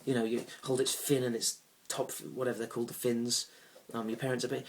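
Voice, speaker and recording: A young man telling a comic story about a bad date, awkward and rambling, now and then bursting into loud indignant rants. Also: medium pitch, level tone, fast, few pauses, a little hiss or hum. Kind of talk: deadpan comic monologue.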